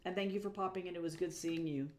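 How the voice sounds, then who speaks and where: A woman's voice: on the low side, fairly even intonation, fast, a little mellow, a little hiss or hum. A woman streaming live as an artist, chatting casually with viewers, swearing freely and ranting with exasperation. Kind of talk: casual livestream chat.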